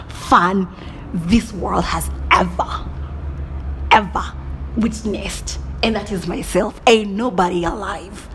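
A woman giving a dramatic motivational monologue, swinging between whispers and loud bursts and often laughing at herself. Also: mid-range voice, slow, pauses often, a little hiss or hum. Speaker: motivational speaker.

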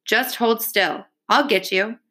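A woman's voice: a little high, slow, bright, forceful tone, pitched above the performer's own voice, exaggerated voice. A woman reading as an earnest frightened ten-year-old boy. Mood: reassuring. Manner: earnest, pleading. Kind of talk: audiobook reading.

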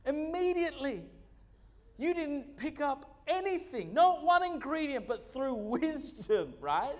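A man preaching a sermon, animated and joking, with many fillers. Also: extremely high pitch, slow pace, in a large hall. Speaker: pastor.

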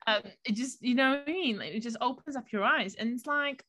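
A woman's voice: on the high side, fairly quick, pushed and bright. Chatty, reflective woman. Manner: reflective, chatty, many fillers. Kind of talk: casual conversation.

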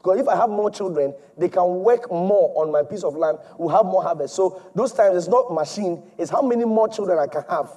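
A male preacher delivering an emphatic, repetitive sermon that swings between loud and soft. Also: high voice, fairly quick, hardly any pauses, husky.

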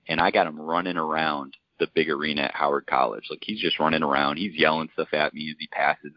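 A man who coaches basketball, casually telling a story on a podcast and acting out the quotes in a lively way. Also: low voice, no echo, muffled recording. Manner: conversational, animated storyteller, acts out quotes.

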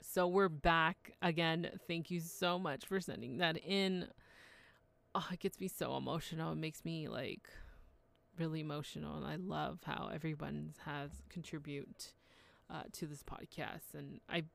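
A woman's voice: low-pitched, fairly even intonation, measured pace, vocal fry, a bit bright. A woman podcast host talking in a chatty, heartfelt solo monologue.

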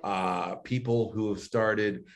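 A man's voice: lowish voice, slow pace. A male voice and speech coach in an interview, explaining his sessions and acting out both himself and his client. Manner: animated, acts out both sides of a coaching dialogue.

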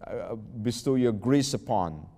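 A man's voice: on the low side, takes it slowly, mellow, in a large hall. A man giving a patient religious lesson. He recites verses, translates them and explains each word, often repeating himself and restarting with "uh". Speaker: religious teacher.

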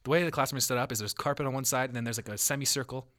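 Fast-talking, bright-voiced young man. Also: mid-range voice. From Canada. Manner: fast, chatty, swearing. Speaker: podcast co-host. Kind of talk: casual chat.

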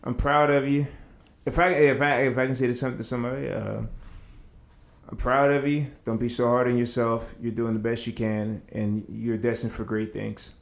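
A man from Virginia on a casual podcast, talking in an animated, profane but earnest way. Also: medium pitch, normal speed, gravelly, roomy sound. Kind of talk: casual chat.

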